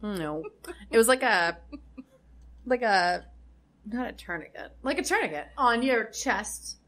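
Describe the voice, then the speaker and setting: A woman's voice: on the high side, expressive, a little slow, fairly bright tone. A woman co-hosting a casual podcast, explaining facts with many ums and restarts. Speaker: podcast co-host. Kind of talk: casual chat.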